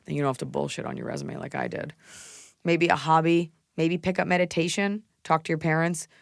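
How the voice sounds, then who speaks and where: A woman's voice: sits low, expressive, brisk, creaky, dry recording, clean studio sound. A woman in her thirties hosting a podcast, giving blunt, casual advice and swearing freely. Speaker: podcast host.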